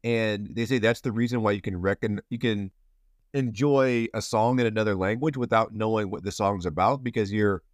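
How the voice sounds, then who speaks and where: This podcast host's voice sits lowish and moves at a moderate pace as he rambles through a casual interview. Playful and full of restarts, he's captured in studio quality without echo.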